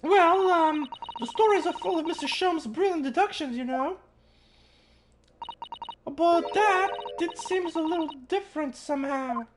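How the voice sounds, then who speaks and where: A man voicing a polite, gentle young woman assistant in a hesitant falsetto, reading game dialogue. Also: unhurried, noisy background. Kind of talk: reading game dialogue aloud on a live stream.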